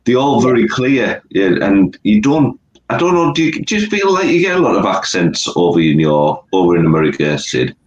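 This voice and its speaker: A man's voice: fairly low pitch, very animated, moderate pace, highs cut off. An older man co-hosting a casual interview, joking and rambling with lots of restarts. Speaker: podcast co-host. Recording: roomy echo.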